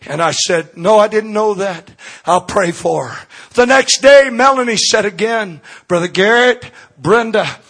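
High-voiced husky older preacher. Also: male voice, expressive, unhurried. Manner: emotional preacher, drops to soft low tones for tender moments. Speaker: pastor. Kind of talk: sermon storytelling. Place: church sanctuary.

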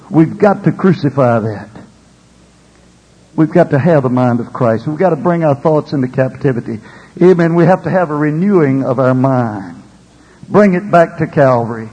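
A man's voice: fairly high pitch, expressive, normal speed, a little mellow, husky, in a large hall, rough recording. An older man, a pastor, preaching a sermon with a rising and falling delivery and calls of "Amen.".

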